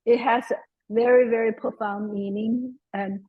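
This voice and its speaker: Woman interviewer, husky voice, stops and starts a lot, muffled lo-fi sound. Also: a little high, steady tone, a little slow. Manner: hesitant, many restarts.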